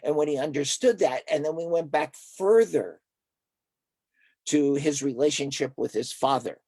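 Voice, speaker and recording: Telling stories in a conversational interview, an older man, a therapist, animatedly voices the dialogue of the people he describes. His voice runs a little high with a breathy edge, at normal speed, and there's no room sound.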